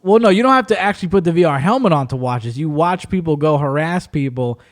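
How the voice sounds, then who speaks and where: A man with a slightly high voice tells stories in an animated, casual way. He is a podcast host chatting with friends, often tossing in bro and dude. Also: quick pace. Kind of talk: casual chat.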